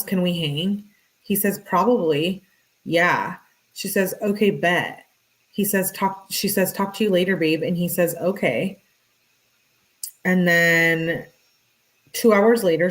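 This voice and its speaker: A woman's voice: fairly low pitch, poor audio. A woman reading text messages aloud and adding casual, exasperated comments while answering chat questions. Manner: exasperated asides between read messages. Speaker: true crime commentator.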